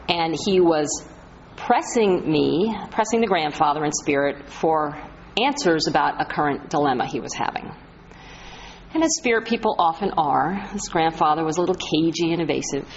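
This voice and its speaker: A woman's voice: low voice, a little hiss or hum. A woman acting as a spiritual medium, giving an inspirational talk as earnest storytelling and leaning hard on key phrases. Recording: slightly muffled lo-fi recording.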